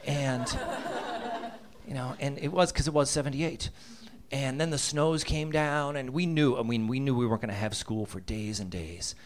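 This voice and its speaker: A man in his fifties from Massachusetts spins a comic childhood tale in a voice of middling pitch. He laughs through his lines, and he breaks into little voices and sound effects as the story builds. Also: normal speed. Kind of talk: comedic personal storytelling.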